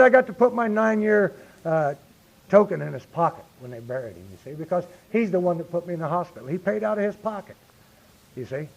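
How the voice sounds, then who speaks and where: A middle-aged man speaking earnestly at a recovery meeting, often saying "you see" and building to emphatic points. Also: a little high. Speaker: speaker sharing his recovery story. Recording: lo-fi 1990s meeting tape.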